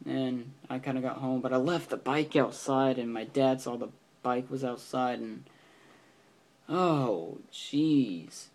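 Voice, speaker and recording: A man's voice: mid-range voice, level tone, normal speed, hardly any pauses, darkish tone. A teenage boy telling a story in a casual vlog, rambling with lots of fillers and restarts. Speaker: vlogger.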